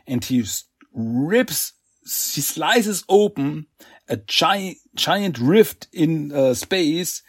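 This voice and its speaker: A man hosting a podcast, casually recapping a story in a rambling, halting way. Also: fairly high pitch, animated, slightly rough. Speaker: podcast host.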